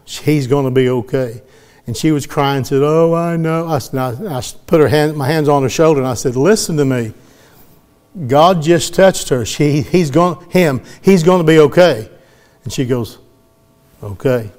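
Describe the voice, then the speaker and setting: A man's voice: fairly high pitch, normal speed, darkish tone. A middle-aged man, preaching a sermon as he tells a story in a folksy way and acts out the voices of the people in it. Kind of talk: sermon testimony.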